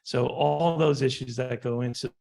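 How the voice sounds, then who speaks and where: A man's voice: medium pitch, fairly even intonation, normal speed, creaky, darkish tone. A man, an estate planning attorney, giving a conference presentation and animatedly acting out conversations with clients. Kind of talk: conference presentation with war stories.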